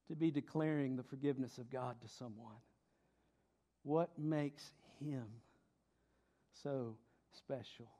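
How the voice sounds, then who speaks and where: A middle-aged male pastor preaching a sermon, dropping to hushed tones and rising to loud emphasis, asking his listeners questions and joking with them. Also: medium pitch. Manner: asks the congregation questions, jokes with them.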